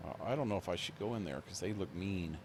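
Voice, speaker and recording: A man's voice: low-pitched, animated, fast talker, noisy background. A man streaming a game, cracking crude jokes and commenting casually on what he sees as he plays. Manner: joking, crude wisecracks while playing.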